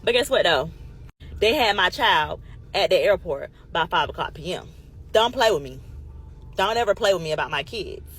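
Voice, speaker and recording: A woman telling a casual storytime monologue in an animated, emphatic way, swearing freely and calling her listeners y'all. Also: on the low side, normal speed, slightly rough, poor audio.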